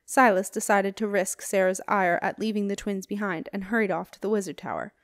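A woman reading a fantasy novel aloud in steady, expressive scripted narration. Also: mid-range voice, fairly quick, no room sound, clean studio sound. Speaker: audiobook reader.

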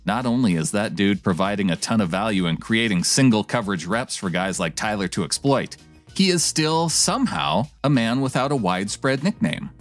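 A man's voice: on the low side, animated, normal speed, faint music behind. A man co-hosting a podcast, reading a listener's email with playful, theatrical delivery, then chatting casually. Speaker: podcast co-host.

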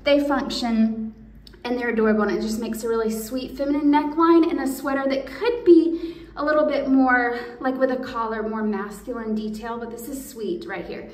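A woman's voice: a little high, fairly even intonation, moderate pace, a little mellow, recorded from a distance. A woman, hosting a casual clothing try-on and gushing to viewers in a chatty way. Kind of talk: casual product try-on video. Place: room indoors. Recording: echoey room, voice from off the mic.

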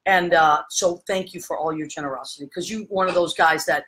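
A woman's voice: fairly low pitch, a little fast, poor audio. Gushing woman hosting a chat show. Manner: gushing, animated storyteller. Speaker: podcast host. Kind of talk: casual interview chat.

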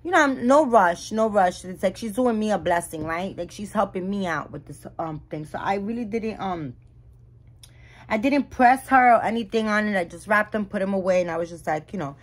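A woman's voice: mid-range voice, normal speed. Chatty woman doll-collecting vlogger. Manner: chatty, animated retelling with frequent restarts. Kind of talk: casual vlog storytelling.

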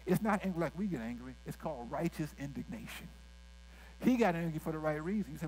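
A man's voice: fairly high pitch, fairly quick, a little mellow, rough recording. A male pastor, preaching a sermon with folksy asides and direct questions to the congregation.

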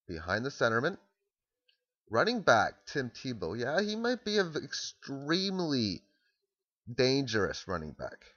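A man's voice: medium pitch, fairly bright tone, no echo, muffled recording. A man casually explaining football strategy, thinking aloud and restarting sentences as he walks through plays. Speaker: amateur football analyst.

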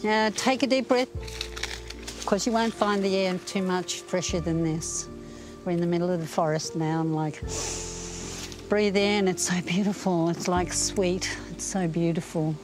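An older woman talking casually and warmly outdoors in a forest, gentle, heartfelt and enthusiastic. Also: on the low side, fairly even intonation, moderate pace, music in the background, rough recording. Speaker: interviewee. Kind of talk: casual conversation.

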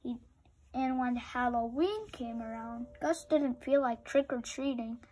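A woman reading a children's picture book aloud with slow, expressive storytelling. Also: fairly high pitch, low-quality recording.

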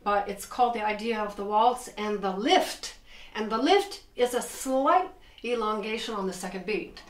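A middle-aged woman teaching piano, explaining with enthusiasm as she plays and counting the beats out loud. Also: mid-range voice, moderate pace. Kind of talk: piano lesson. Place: room with a piano. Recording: echoey room, distant mic.

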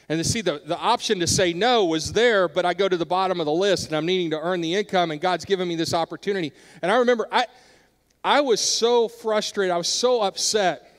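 A middle-aged male pastor preaching with a high, bright-pitched voice. He talks in an earnest way and turns hushed during personal stories, and a long hall reverb trails after his words in the church. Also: fairly quick. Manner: earnest, drops softer when telling personal stories. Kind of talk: sermon.

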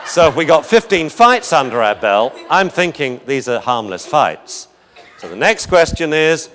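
A man's voice: a little high, big pitch swings, a little slow, fairly bright tone. A man giving a live lecture on dog behavior in a chatty, joking, anecdotal way.

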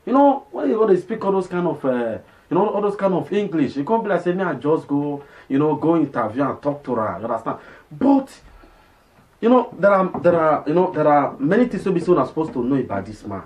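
Chatty Nigerian Pidgin-speaking vlogger. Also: male voice, on the high side, very animated, fairly quick, muffled recording. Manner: chatty, repeats himself, many fillers and "you understand?". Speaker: vlog host. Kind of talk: casual commentary.

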